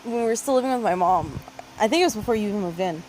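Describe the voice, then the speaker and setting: A woman's voice: medium pitch, expressive, racing, darkish tone, slight background noise. A woman co-hosting a podcast in casual chat, swearing freely, laughing often and acting out the people in her stories. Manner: profane, laughing storyteller who acts out voices. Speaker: podcast co-host.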